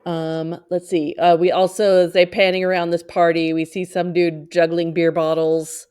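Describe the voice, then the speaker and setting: Giggly low-voiced woman co-host. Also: level tone, normal speed, darkish tone, clean tone. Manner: giggly, lots of fillers. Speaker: podcast co-host. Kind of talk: casual chat recapping an episode. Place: home, on a video call.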